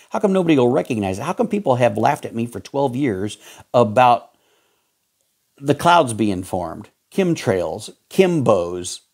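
Fervent Southern preacher with lively pitch. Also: male voice. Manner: fervent, emphatic, repetitive. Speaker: pastor. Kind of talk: fiery sermon.

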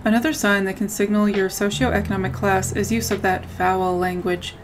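A woman narrating a scripted video essay in a measured way, often reading out quotes. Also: mid-range voice, fairly even intonation, noisy background. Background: background music.

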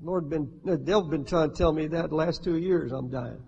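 A fervent male preacher delivers a sermon from the pulpit in a fairly high voice, pressing his points hard and slipping in wry jokes. A long hall reverb trails his words over faint room hum. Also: normal speed, gravelly, warm tone, dull audio. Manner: fervent and emphatic, with humorous asides. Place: church sanctuary.

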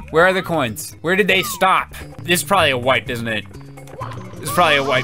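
Man hosting a gameplay video, frantic energy, shouts at the game, voice swinging high and low, game music underneath. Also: sing-song, brisk. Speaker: host. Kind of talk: gameplay commentary.

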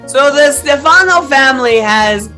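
A woman co-hosting a casual film review chat, teasing and quick to laugh. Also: high-pitched, expressive, bright, forceful tone, soft background music. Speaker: podcast co-host.

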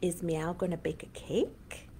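A woman hosting an online children's storytime as a librarian, reading a picture book aloud in an animated, sing-song way for young children. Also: lowish voice, measured pace, a little hiss or hum.

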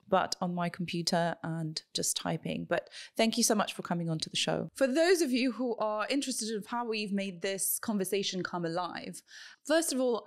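A woman hosting a show, interviewing and then chatting upbeat to viewers while wearing headphones. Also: lowish voice. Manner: upbeat, chatty, thanks and wraps up warmly. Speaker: host. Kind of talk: interview and casual explanation to viewers.

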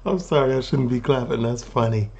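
A man with a Chicago accent hosting a reaction video, chatting casually with animated, laughing asides. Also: medium pitch, a little fast, vocal fry, muffled recording, loud music behind the voice.

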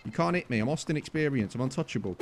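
A young British man commentating his gameplay in a cheeky, joking way. When nobody recognises him he gets loud and exasperated. There is a faint hiss under his voice. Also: medium pitch, lively intonation, very fast. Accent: British English. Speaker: gaming YouTuber.

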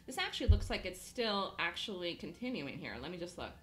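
A woman hosting a live trading room, talking fast and emphatically, repeating her points and laughing easily. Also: lowish voice, very animated, echoey room, slight background noise, rough recording.

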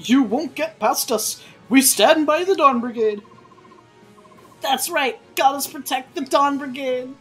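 A woman's voice: measured pace, fairly bright tone, faint music behind. A woman voicing an earnest young heroine who protects townsfolk, in a fan voice-over of game cutscenes. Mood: defiant. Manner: earnest pleading voice, raised higher.

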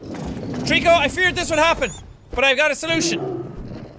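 A man in his twenties giving excitable let's play commentary, talking to an in-game creature like a pet and swearing now and then. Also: very high-pitched, a little slow, noisy background. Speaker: gaming video host.

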